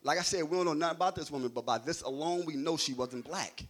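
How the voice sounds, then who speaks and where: A husky, somewhat high-voiced young man preaching a sermon. He talks conversationally and jokes with the congregation, tagging his points with "right?" as he goes. The delivery is loose and storytelling, more chat than oratory. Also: fast talker. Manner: conversational, jokey preaching with frequent "right?" checks.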